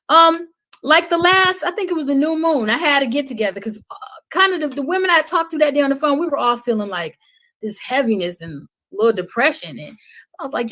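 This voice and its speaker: Passionate middle-aged woman guest, slightly high voice, preachy, swings loud to soft. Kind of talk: passionate podcast conversation.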